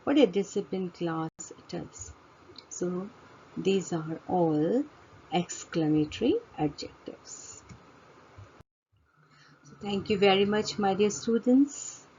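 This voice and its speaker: A woman teaching a grammar lesson, speaking deliberately and answering her own questions to drive each point home. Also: medium pitch, mellow, slight background noise. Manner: slow, deliberate, repeats key words as questions and answers. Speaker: English teacher. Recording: dull lo-fi recording.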